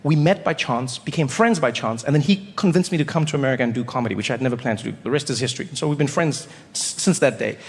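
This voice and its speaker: A man from South Africa performing stand-up comedy, telling stories in a playful, animated way on a large stage. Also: mid-range voice, quick pace, few pauses. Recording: long hall reverb, faint noise.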